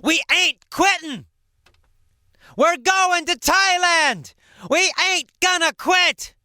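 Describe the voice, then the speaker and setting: Guy doing a stubborn little penguin yelling his head off, way higher than his normal voice, in a storybook lesson. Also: slow, dry recording, studio quality, full character voice. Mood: defiant. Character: determined young male penguin yelling defiance.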